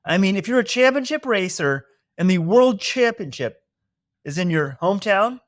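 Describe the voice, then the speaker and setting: Playful podcast co-host from Dallas. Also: male voice, high voice, expressive, moderate pace, no room sound, studio quality. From Dallas, Texas. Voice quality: playful needling banter. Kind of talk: casual chat.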